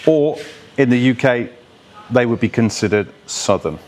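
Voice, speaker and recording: A man from the West Midlands, a voice coach who speaks with a Received Pronunciation accent and explains sounds in an animated way, demonstrating them as he goes. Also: mid-range voice, measured pace. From West Midlands of England. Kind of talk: explanatory talk to camera.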